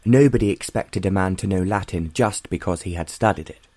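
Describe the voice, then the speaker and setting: A man narrating a romance audiobook in a measured, even storytelling manner. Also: low-pitched, no echo. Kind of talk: scripted narration.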